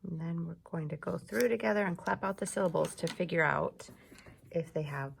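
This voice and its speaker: A woman teacher giving a recorded lesson to young children, patient and encouraging, repeating each word slowly so they can clap along. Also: lowish voice, creaky, slight background noise. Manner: slow, patient, encouraging, repeats words for clapping.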